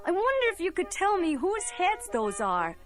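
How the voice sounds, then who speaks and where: A woman's voice: extremely high pitch, wildly swooping pitch, normal speed, faint music behind, pitched above the performer's own voice, exaggerated voice. A woman voicing Jack, an earnest young country lad, eager and plain-spoken.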